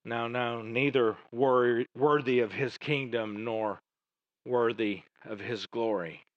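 A man preaching a sermon, moving between raised emphatic lines and hushed, low passages. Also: fairly even intonation, slow, muffled recording. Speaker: pastor.

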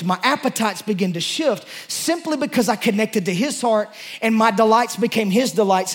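A male pastor preaching a sermon to his congregation, passionate and emotional, talking in a loose, conversational way with many restarts. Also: high-pitched. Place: church service before a congregation.

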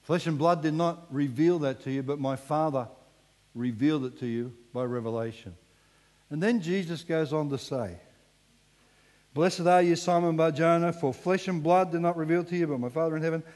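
A man preaching a sermon with animated delivery, sometimes falling to a hushed emphasis. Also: a little high, normal speed. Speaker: pastor. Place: church hall. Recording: long reverb in a church hall.

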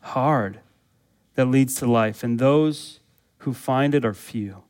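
A man's voice: medium pitch, slow pace, darkish tone. A man, a pastor, preaching a sermon with emphatic rhetorical questions and repeated phrases for emphasis.

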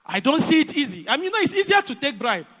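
A Nigerian woman delivers a sermon with a bright, forceful tone and a lively, swinging pitch. She keeps pressing the congregation with rhetorical questions. Her voice rings through a long church-hall reverb. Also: fast talker. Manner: animated, with repeated rhetorical questions. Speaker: preacher.

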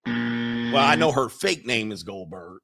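Animated man riffing on a livestream. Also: mid-range voice, a little slow, background noise. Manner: animated, emphatic, repeats phrases for effect. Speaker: livestream host reading chat. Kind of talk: casual opinionated livestream chat.

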